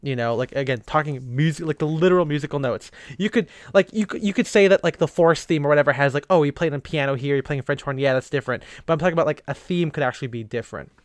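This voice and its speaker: A man's voice: on the high side, fast, hardly any pauses, no room sound, studio quality. A young man co-hosting a podcast, rambling and laughing often. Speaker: podcast co-host. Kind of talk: casual chat.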